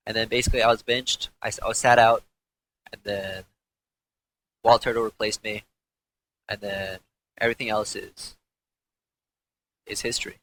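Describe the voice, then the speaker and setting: Bright-voiced young man telling a story, rambling. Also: lowish voice, steady tone, normal speed, pauses often, a little hiss or hum, low-quality recording. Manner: rambling, profane, frequent restarts. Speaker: former pro gamer. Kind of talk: candid interview storytelling.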